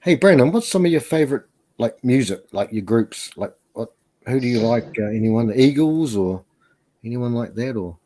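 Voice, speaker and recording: A man's voice: mid-range voice, expressive, moderate pace, mellow. A man talking as a guest on a casual live stream, rambling and hesitant with lots of fillers.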